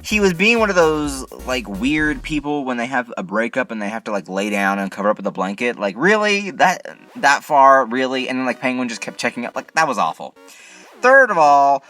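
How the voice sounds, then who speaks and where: Male vlog reviewer, bright edgy voice, lively exasperated rant, soft music underneath. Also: medium pitch, normal speed. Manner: exasperated, incredulous complaining with many rhetorical questions. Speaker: TV episode reviewer, channel host. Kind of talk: casual ranting review.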